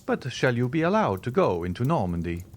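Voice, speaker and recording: A man reading the part of a mysterious, reserved count who speaks in a measured, sighing way. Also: mid-range voice, sing-song.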